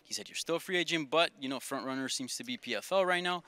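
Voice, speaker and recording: A man interviews a fighter in an easygoing, friendly way. He talks fast with a bright, crisp tone. The sound is dry and close. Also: mid-range voice, lively intonation, no room sound. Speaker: MMA journalist, interviewer. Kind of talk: interview questions.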